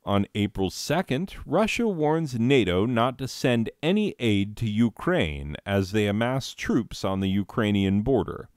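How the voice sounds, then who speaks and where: A man's voice: fairly low pitch, lively intonation, unhurried, hardly any pauses, a little mellow, clean tone, no echo, studio quality. A man presenting a mock year-in-review with sarcastic, rambling, exasperated rants. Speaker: comedy video host.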